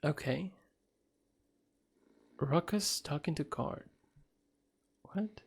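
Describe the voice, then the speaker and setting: A man's voice: a little high, drawn-out words, creaky, breathy edge. Chatty, laughing male streamer. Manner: chatty, laughs often, reads game text aloud. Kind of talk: casual gameplay commentary.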